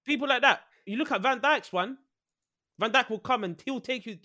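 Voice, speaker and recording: A man in a casual podcast debate, excitable and pleading, talking over the others. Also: high voice, fast talker. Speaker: podcast panelist, Liverpool fan.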